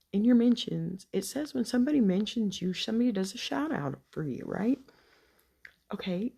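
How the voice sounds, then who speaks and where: An older woman with a Texas accent, chatting to her subscribers off the cuff in a rambling, folksy way that drifts now and then into soft whispers. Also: medium pitch. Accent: Texan. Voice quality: gravelly, husky. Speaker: vlogger. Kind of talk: unscripted chat to subscribers.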